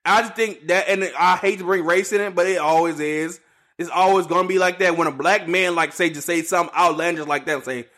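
A man's voice: high voice, brisk. Rambling, slangy man on a sports podcast. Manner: rambling, animated, slangy, repeats himself. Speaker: podcast host. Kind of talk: casual solo sports podcast.

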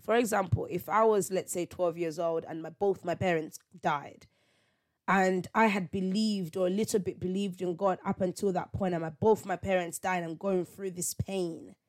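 Woman, lowish voice, reflective solo podcast host who talks things through with rhetorical questions. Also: fairly even intonation, moderate pace. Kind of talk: solo faith podcast monologue.

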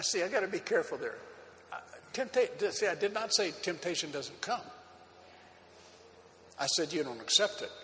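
A man preaching from the pulpit with a high, bright, forceful voice that rings through a large hall. He tells his story loosely and animatedly, with a faint room hum behind him. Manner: animated storytelling with frequent laughter and fillers. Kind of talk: sermon with personal testimony. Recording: long hall reverb, faint background ambience.

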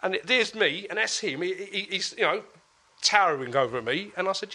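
A man, a guest telling a personal story in an animated way, often restarting his sentences. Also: sits high, brisk, slightly rough. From England.

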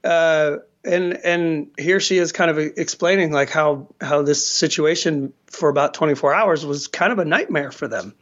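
Higher-voiced guy rambling in podcast chat, cusses a lot, sound's kinda dull. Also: moderate pace, few pauses, a bit bright. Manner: rambling, profane, laughs often. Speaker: podcast co-host. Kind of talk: casual chat.

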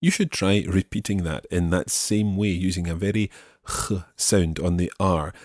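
A man teaching a language podcast lesson with a very low, slightly husky voice. He explains patiently and methodically, slowing down to model words, recorded dry in a studio. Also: a little mellow, dry recording.

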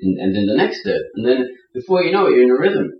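A man telling travel stories in a casual interview, acting out quotes with animated voices. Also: mid-range voice, fast talker. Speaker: podcast guest, traveler. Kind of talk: casual storytelling. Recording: roomy, distant, dull sound.

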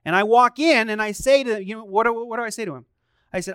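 A man's voice: high voice, fast, a bit bright, clean tone, dry recording. Middle aged guy preaching, chatty, keeps asking the crowd stuff, clean dry sound. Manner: conversational, asks the congregation questions. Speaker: pastor. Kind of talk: sermon.

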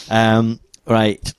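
A man's voice: lowish voice, darkish tone, smooth, dry recording. A man hosting a casual podcast, laid-back and hesitant with many ums. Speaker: podcast host. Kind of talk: casual chat.

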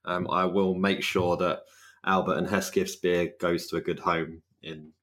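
A man's voice: low-pitched, level tone, measured pace, a bit bright. A man hosting a podcast, chatting casually with laughter and swearing. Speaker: podcast host.

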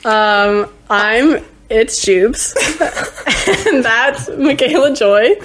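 Slow-talking giggly woman host. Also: on the high side, a little hiss or hum. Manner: giggly, hesitant with many ums. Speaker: podcast host. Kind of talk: casual chat.

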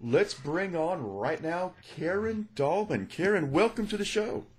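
A man hosting a radio talk show, interviewing a guest in a relaxed, joking way. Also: sits high, unhurried, background noise. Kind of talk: casual interview.

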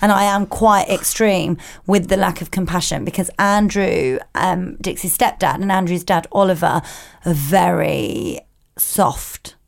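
A woman's voice: lowish voice, a little slow, vocal fry. A woman co-hosting a podcast, chatting casually in a blunt, forthright and sweary way. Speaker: podcast co-host. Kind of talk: casual chat.

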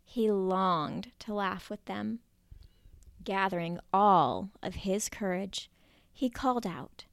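A woman narrating a children's story in a playful, expressive way, at times dropping to a whisper. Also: medium pitch, slow, vocal fry, no echo.

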